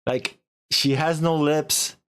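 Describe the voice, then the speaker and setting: Slow and smooth, with a voice on the high side, this streamer casually rambles through a story. His animated retelling is packed with quotes he performs aloud.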